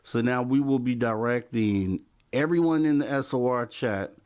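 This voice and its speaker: Male late-night call-in host, easygoing and repetitive, mid-pitched voice. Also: normal speed, darkish tone, clear, resonant tone. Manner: laid-back, repeats himself.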